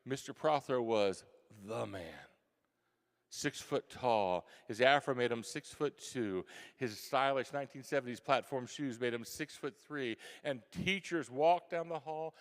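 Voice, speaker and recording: A man telling a childhood story to a school audience, animated and acting out his younger self with gasps and whispers. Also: mid-range voice, unhurried. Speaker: guest author speaking to a school. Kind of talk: storytelling talk to students. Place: large hall, school event. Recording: long hall reverb.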